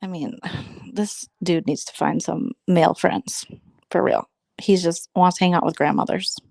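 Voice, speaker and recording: A woman's voice: fairly low pitch, steady tone, a little slow, gravelly, darkish tone, no room sound. A woman hosting a casual livestream chat, gossiping sarcastically and slipping into imitations. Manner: gossipy, sarcastic, slips into mimicry. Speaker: host.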